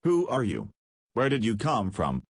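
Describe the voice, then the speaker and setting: A man's voice: medium pitch, huge pitch swings, a little slow, husky, no room sound, clean studio sound, full character voice. A man voicing a tiny, polite and caring mouse boy in an audiobook, earnest and friendly. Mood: kindly. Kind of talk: audiobook character voice.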